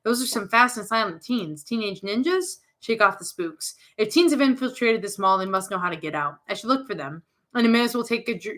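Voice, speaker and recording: A woman's voice: mid-range voice, animated, a little fast, hardly any pauses, a bit bright. A young woman streamer who makes jokey, jumpy commentary as she plays a horror game.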